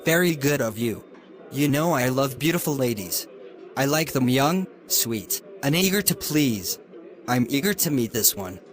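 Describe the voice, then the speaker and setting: A man's voice: mid-range voice, expressive, measured pace, close to an everyday voice. Bobby, a man playing a leering rich predator. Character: smooth-talking predatory wealthy man. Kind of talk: animated story voice acting.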